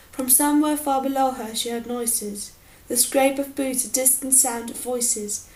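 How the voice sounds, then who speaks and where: A woman narrates a fantasy audiobook in a steady, measured way. Her voice sits a little above most women's. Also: a little high, low-quality recording. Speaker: audiobook reader.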